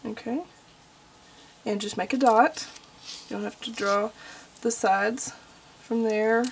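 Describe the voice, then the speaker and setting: A young woman with a Texan accent talks you through a craft project in a relaxed, homey way, saying y'all and okay as she goes. Her voice sits a bit high with a gravelly fry. There is a faint hiss behind her. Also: takes it slowly, pauses often. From Texas. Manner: homey, chatty, says y'all and okay a lot. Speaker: craft tutorial host. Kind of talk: casual crafting tutorial.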